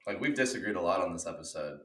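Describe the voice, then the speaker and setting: A young man co-hosting a casual podcast, excitable and quick to mock outrage, slipping into silly voices. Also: sits low. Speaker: podcast co-host. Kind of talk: casual chat.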